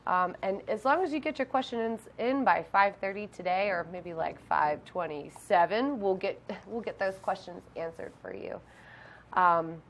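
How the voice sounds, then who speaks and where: A woman's voice: medium pitch, normal speed, a little hiss or hum. A woman who teaches math, hosting a live call-in homework help show in a friendly way with frequent ums.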